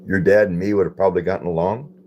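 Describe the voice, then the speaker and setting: A man's voice: sits low, fairly even intonation, quick pace, dull audio, slight background noise. A man hosting a casual live stream, reading viewer comments aloud, repeating phrases and puzzling over them.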